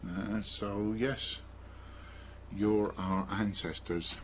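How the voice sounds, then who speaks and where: A man's voice: on the low side, fairly even intonation, drawn-out words, slight background noise. A man with a Gloucestershire English accent in a casual online discussion, easygoing and good-humoured. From Gloucester, England. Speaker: participant.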